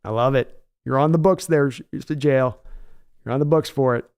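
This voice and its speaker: A man's voice: medium pitch, moderate pace, a little mellow, smooth. A man hosting a sports livestream in a casual, enthusiastic and rambling way, often restarting his words. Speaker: sports podcast host reading live chat.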